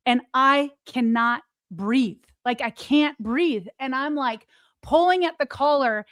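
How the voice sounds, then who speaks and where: High-voiced woman telling a story. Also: normal speed, dry recording. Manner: animated retelling, many "like" fillers. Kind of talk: casual storytelling chat.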